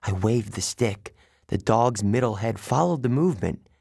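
A man narrating a first-person story as an audiobook reader, in an expressive storytelling manner. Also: on the low side, moderate pace, vocal fry, breathy edge, dry recording, studio quality.

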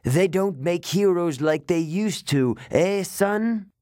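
A man voicing a cruel snake-woman monster in an audiobook, hissing and rasping, taunting slowly and drawing out the words. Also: high voice, animated, a little mellow, no room sound, clean studio sound, pitched above the performer's own voice. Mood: mocking. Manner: slow, drawn-out taunting delivery. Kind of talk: audiobook character voice.

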